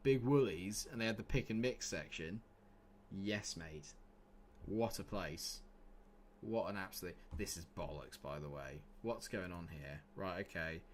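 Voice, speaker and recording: A young man with a fairly low voice commentates his football management stream, bantering with the chat. He swings from joking asides to exasperated rants at his team. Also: animated, unhurried, slight background noise. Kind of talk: casual livestream commentary.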